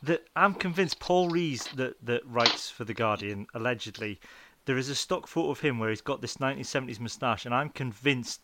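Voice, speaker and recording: A man's voice: medium pitch, fairly quick, hardly any pauses, pushed and bright, a little hiss or hum. Male podcast host, playful, laughs easily, runs a quiz, ordinary mid voice. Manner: playful quizmaster, laughs often. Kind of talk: casual chat.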